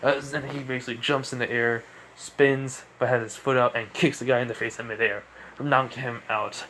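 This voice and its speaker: A man's voice: medium pitch, steady tone, moderate pace, sharp tone. Man, casual fan-story narration, rambling, lots of fillers, faint background noise.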